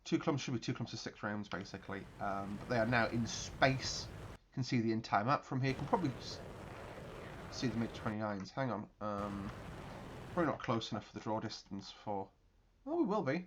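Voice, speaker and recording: A man hosting his channel, giving chatty, excitable gameplay commentary with mouth-made explosion noises. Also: on the low side, fairly quick, background noise. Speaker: video game channel host.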